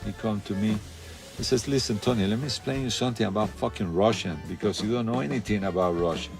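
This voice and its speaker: A low-pitched man tells a wild story with blunt profanity and animated energy. Faint music runs under his voice, and his delivery is loose and conversational, like a documentary interview. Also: fast, gravelly.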